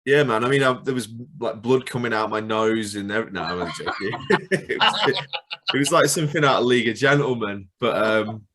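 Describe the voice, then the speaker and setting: A man's voice: mid-range voice, animated, brisk, a bit bright. A man, a rock musician guest, chatting over a video call in a joking, self-deprecating way. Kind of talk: casual chat.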